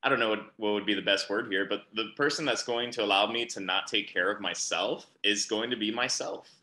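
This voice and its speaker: A youth ministry podcast co-host with a lowish, sharp voice talks a little fast in a room with echoey sound. Though the chat is casual, he speaks earnestly and urgently, repeating phrases for emphasis.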